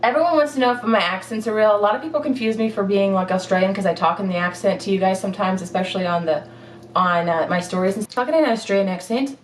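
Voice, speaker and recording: Chatty and giggly, a young fitness vlogger works through viewer questions, wandering off track and using many fillers. She talks at a quick pace in a mid-range voice, picked up by a distant mic in an echoey room with a little hiss or hum.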